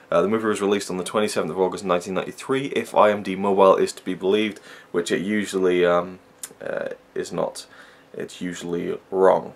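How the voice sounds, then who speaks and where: Low, gravelly man reviewing films. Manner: rambling, with many fillers and restarts. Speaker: film reviewer. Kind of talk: casual spoken film review.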